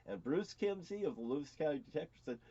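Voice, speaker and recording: Man, middle-aged, rambling vlog monologue, profane, stammering, mellow tone, slightly high voice. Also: expressive, fast, dull audio. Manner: profane, stammering, repeats words. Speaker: vlogger. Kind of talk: rambling personal monologue to camera.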